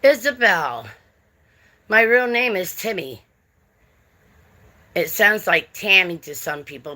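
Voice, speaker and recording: A middle-aged American woman hosts a livestream, chatting casually in a drawl and greeting chat readers by name. Her voice sits low with a sharp tone.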